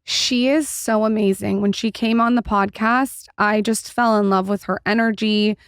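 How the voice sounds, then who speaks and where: Podcast host, woman, mid pitch, dry sound, curious and encouraging. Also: fairly even intonation, normal speed, clear, resonant tone, dry recording. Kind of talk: casual interview. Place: podcast studio.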